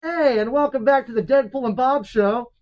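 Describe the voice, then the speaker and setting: A man's voice: very high-pitched, moderate pace, dull audio, very noisy. A man hosting a comedy show in character, brash, jokey and profane with his guest. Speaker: host in costume. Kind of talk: comedic skit and interview hosting.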